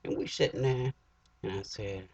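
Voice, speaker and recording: A man's voice: fairly low pitch, normal speed, dry recording. A man with a Cajun accent telling a comic folk story, folksy and drawling, in a dull lo-fi recording. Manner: folksy, drawling, chuckling asides.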